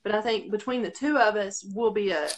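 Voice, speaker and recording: A woman's voice: mid-range voice, fast talker, slight background noise. A woman from Arkansas with a Southern accent, a radio host chatting casually and giggling over a video call. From Arkansas, USA. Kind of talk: casual live-stream chat.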